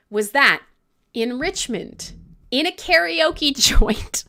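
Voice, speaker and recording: Woman host from Canada, high and bright voice, animated, loose swearing live-show chat. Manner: swearing, laughing, joking.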